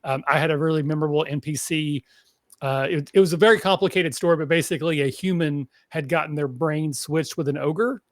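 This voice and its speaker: A man's voice: on the high side, fairly quick, dry recording, clean studio sound. A man with a Kentucky accent, chatting casually on a tabletop gaming podcast, rambling with lots of fillers. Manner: rambling, filler-heavy, animated. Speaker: podcast panelist.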